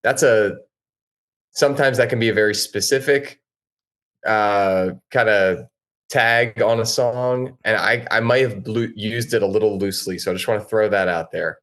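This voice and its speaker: A man guesting on a podcast, his voice on the lower side. He talks eagerly and chattily, often speeding up when he gets going. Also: a bit bright. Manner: eager, chatty, quick bursts. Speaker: podcast guest, band frontman. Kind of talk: casual podcast chat.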